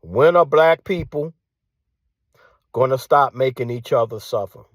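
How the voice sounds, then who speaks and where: A man delivering a combative monologue, repeating his phrases and firing off rhetorical questions, sometimes dropping to a hushed tone. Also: medium pitch, unhurried, dry recording, studio quality. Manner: drops to hushed tone at times. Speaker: commentator. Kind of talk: ranting monologue.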